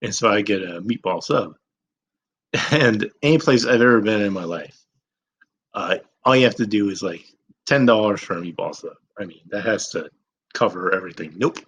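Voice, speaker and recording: Young man, lowish voice, casual storytelling, rambling, self-deprecating, swearing, faint background hiss. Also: expressive, normal speed, fairly bright tone, rough recording. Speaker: vlogger.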